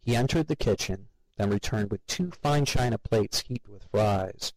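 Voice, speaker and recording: A man narrating a story with a steady, even reading. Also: lowish voice, a little slow, no room sound, rough recording.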